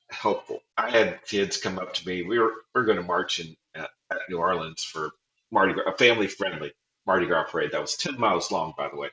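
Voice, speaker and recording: Low, bright-toned male guest, chatty storyteller who jokes at his own expense. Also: reverberant, muffled recording. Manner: chatty, self-deprecating, acts out quotes with laughs. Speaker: guest, former band director. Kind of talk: casual storytelling interview.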